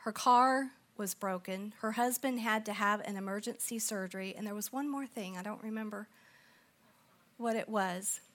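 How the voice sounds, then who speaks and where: Bright, animated woman preacher. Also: medium pitch, moderate pace. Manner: animated, acts out quoted voices, drops to soft intense tones. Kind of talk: storytelling sermon.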